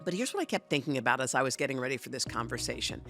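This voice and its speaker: A middle-aged woman hosting a podcast, asking questions in an earnest, expressive way and laughing easily. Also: very deep voice, rapid-fire, faint music behind. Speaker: podcast host. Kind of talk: warm interview conversation.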